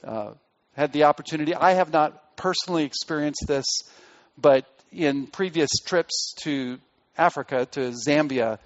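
A man preaching a sermon in an earnest way. He drops soft on key phrases and rises to press a point. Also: on the high side, moderate pace, lo-fi sound. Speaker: pastor.

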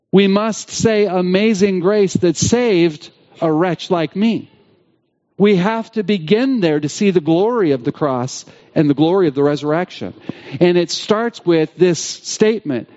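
A man preaching a sermon in a church, stressing key phrases by repeating them slowly. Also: high voice, lively intonation, darkish tone, muffled recording. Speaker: pastor. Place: church sanctuary.

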